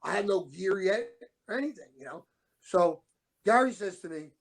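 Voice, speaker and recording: A man's voice: high voice, expressive, moderate pace, vocal fry. A middle-aged man co-hosting a talk show, telling rambling stories and acting out the dialogue he quotes. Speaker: show co-host, former wrestler. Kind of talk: casual storytelling.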